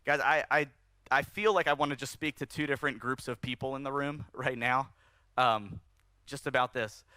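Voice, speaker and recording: A man preaching a sermon at a church service, conversational and animated, rising in emphasis as he speaks to the congregation. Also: medium pitch, normal speed, no room sound. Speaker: pastor.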